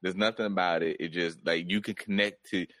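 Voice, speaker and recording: A man in his thirties with a lowish voice talks in a casual chat. He rambles and halts, gropes for words, and keeps pressing his point. The sound is dry and close to the mic. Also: steady tone, fairly bright tone, no room sound. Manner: rambling, halting, insistent.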